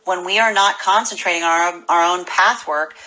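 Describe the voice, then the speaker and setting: A woman giving a casual spoken tarot reading, animated and full of restarts and repeated words. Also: on the low side, moderate pace, low-quality recording. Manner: acts out imagined people's voices. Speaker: tarot reader.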